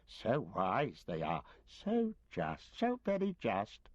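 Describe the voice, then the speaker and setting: A man's voice: lowish voice, huge pitch swings, slow, no room sound, exaggerated voice. A man reading aloud and voicing Gollum, a wretched, starving, fearful male creature who whines and whimpers. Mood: whining. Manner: whining, whimpering. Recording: dull lo-fi recording.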